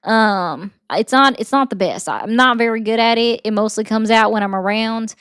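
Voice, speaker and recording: A woman putting on a mixed Southern US accent as a joke, talking loud and rambling while she mocks her own attempt. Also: a little high, normal speed, clean tone, no room sound, studio quality, natural voice. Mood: self-mocking. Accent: put-on Southern US. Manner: loud, self-mocking, rambling. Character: woman in a mock Southern drawl.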